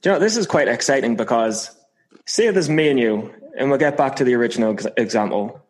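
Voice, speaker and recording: A man's voice: medium pitch, lively intonation, fast, poor audio. Playful man in mock-dramatic chat. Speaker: podcast co-host. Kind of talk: casual chat.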